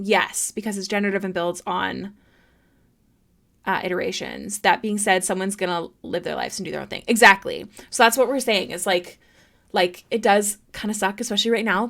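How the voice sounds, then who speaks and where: A woman's voice: medium pitch, a bit bright. A woman streaming live, chatting casually with viewers and reading their messages aloud, with plenty of fillers.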